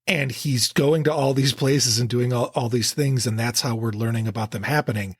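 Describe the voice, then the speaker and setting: A man co-hosting a relaxed book podcast, with a very husky, breathy voice at an average pitch for a man. He talks easily and drops wry, dry-humored asides. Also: moderate pace. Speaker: podcast co-host. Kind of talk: casual book-club chat.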